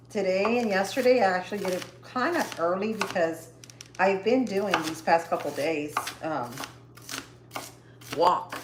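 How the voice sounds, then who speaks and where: A chatty woman talks to her live viewers while she cooks, her voice on the lower side. She sounds upbeat and easygoing. The recording picks up an echoey kitchen with faint background noise. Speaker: cooking livestream host. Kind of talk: casual cooking chat to live viewers. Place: home kitchen.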